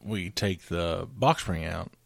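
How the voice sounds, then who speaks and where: A man's voice: sits low, slow pace, gravelly, a bit bright, no room sound. A man co-hosting a casual chat, joking dryly and rambling through stories. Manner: dry joking, rambling storyteller.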